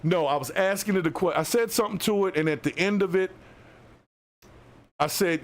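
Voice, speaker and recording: A man hosting a live podcast in loose, slangy casual talk, speaking straight to his listeners. His voice sits a bit higher than most men's and jumps around as he gets worked up. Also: moderate pace, long pauses. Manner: loose, animated, slangy delivery addressing listeners directly. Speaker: podcast host.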